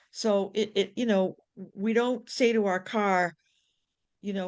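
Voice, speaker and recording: On a video call with her book club friends, a nurse chats in an animated way, acting out inner voices, restarting often and swearing casually. Her voice is medium-pitched and unhurried.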